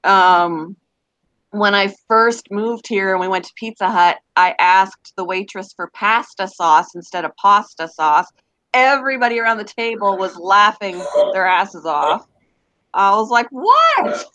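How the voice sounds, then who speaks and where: A middle-aged woman with a Canadian accent chats casually and rambles, laughing often. She talks at an average pitch. Her voice comes through dry and a little dull, like a lo-fi voice chat mic. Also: a little slow, pushed and bright, no room sound. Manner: rambling, chatty, laughs easily. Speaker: voice chat participant.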